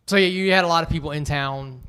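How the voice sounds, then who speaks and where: A man's voice: on the high side, fast, pushed and bright, smooth. Swearing, rambling man. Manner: laid-back, swears a lot, loose rambling. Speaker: podcast co-host. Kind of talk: casual chat.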